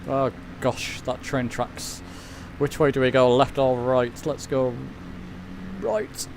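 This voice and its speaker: A medium-pitched man takes it slowly, his intonation fairly even, amid background noise. He gives casual live-stream commentary on a flight simulator, rambling and reading chat.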